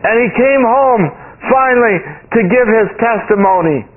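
A man with a very high voice preaches an emphatic sermon and keeps climbing into exclaimed lines. The sound is thin and phone-like, as if heard through an old radio broadcast. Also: lively intonation, a little slow.

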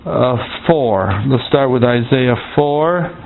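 Halting preacher man on a tinny line. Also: medium pitch, lively intonation, vocal fry, slight background noise. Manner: halting, repeats words, calls "Amen?" to the congregation. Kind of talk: Bible-study sermon.

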